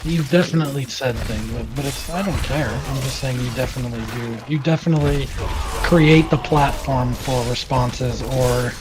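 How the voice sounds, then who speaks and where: A man chatting casually with friends on a game stream, halting and repeating words as he searches for what to say. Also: medium pitch, noisy background. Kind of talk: casual chat.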